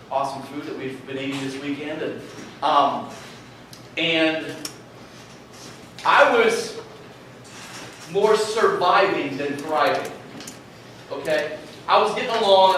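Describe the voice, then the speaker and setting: A man in his thirties giving a youth retreat sermon, telling personal stories in a conversational, animated way. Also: a little high, slight background noise. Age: 30s. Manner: storytelling, conversational, animated asides. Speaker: youth speaker. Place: large hall at a retreat. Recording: echoey hall, voice from a distance.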